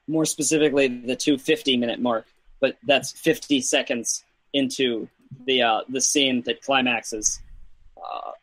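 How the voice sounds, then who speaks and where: A man's voice: mid-range voice, fairly bright tone, no echo, low-quality recording. A man co-hosting a casual movie-review podcast, rambling a bit and trailing off with fillers. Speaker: podcast co-host.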